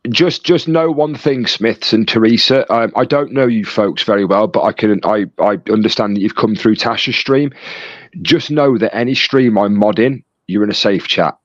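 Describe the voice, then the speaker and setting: A man's voice: fairly low pitch, normal speed, dry recording. A man acting as chat moderator, reading out live stream messages and bantering jokily with viewers. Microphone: phone call. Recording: dry, dull lo-fi sound.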